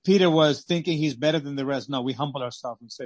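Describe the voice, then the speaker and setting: Impassioned husky-voiced male preacher. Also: medium pitch, fast, no room sound. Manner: impassioned, swings between loud exclamations and hushed pleading. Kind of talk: sermon with scripture reading.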